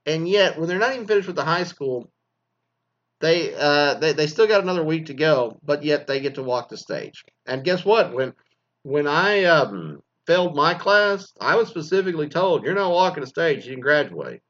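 A man in his forties, a former teacher from Texas, ranting bluntly with constant swearing and animated storytelling. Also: fairly high pitch, normal speed. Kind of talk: profane ranting monologue. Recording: slightly dull lo-fi recording.

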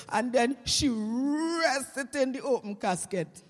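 A woman's voice: high-pitched, measured pace. Caribbean woman telling comic stories. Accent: Caribbean English Creole. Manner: lively, chatty, swings between voices. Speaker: storyteller. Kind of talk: comic storytelling to an audience. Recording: long hall reverb.

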